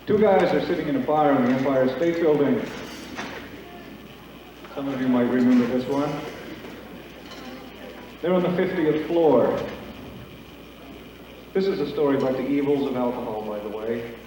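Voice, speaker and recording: A man's voice: medium pitch, normal speed, long pauses, mellow, far from the mic, slight background noise. Man telling a long joke in an echoey hall. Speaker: talent show emcee. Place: school auditorium. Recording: echoey hall taped from afar.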